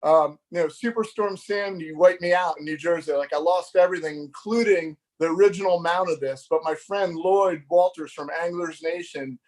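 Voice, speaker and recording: A middle-aged man tells a fishing story in a high, bright voice. He keeps laughing and acts out what everyone said in the story, loose and chatty as a live-show guest. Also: moderate pace, few pauses. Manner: animated, laughing, acts out dialogue. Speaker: fishing magazine editor, guest.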